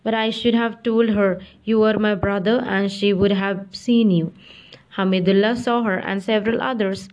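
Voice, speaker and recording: A woman's voice: mid-range voice, steady tone, normal speed, darkish tone, close to an everyday voice, rough recording. A woman voicing an earnest, emotional Indian male doctor in an audiobook reading, speaking with heartfelt intensity.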